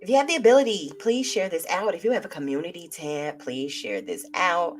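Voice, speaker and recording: A woman hosting a live tarot stream, chatting casually and lively with her viewers. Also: on the low side, a little fast, soft background music. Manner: lively, chatty, talks to viewers as y'all and child.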